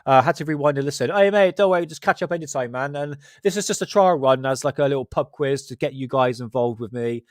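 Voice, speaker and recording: A man's voice: medium pitch, fast, few pauses, dry recording, studio quality. A man with a West Country English accent hosting a livestream, chatting casually in joking, sweary, self-mocking banter. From Southwest England. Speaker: livestream host.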